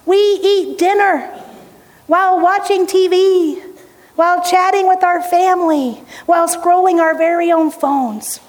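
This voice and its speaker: A woman's voice: extremely high pitch, unhurried. A woman pastor preaching a conversational sermon to her congregation, speaking from a church sanctuary. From United States. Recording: hall reverb, church sanctuary.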